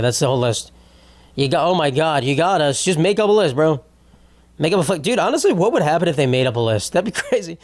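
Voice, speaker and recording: A young man hosting his own comedy podcast, ranting in a profane, rambling and self-mocking way. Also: a little high. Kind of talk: solo comedic podcast rant.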